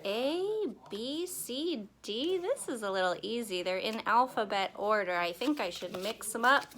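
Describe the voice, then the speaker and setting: A young woman teaching young children in a gentle, playful way, sometimes singing and acting out her class. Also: mid-range voice, expressive. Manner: slow, gentle and playful, sings and acts out the class. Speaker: pre-K teacher. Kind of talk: children's lesson video.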